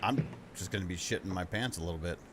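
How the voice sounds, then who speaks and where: Crude joking low-voiced man. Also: fast, noisy background. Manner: crude, joking, swears freely. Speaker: player. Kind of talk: tabletop game play, casual.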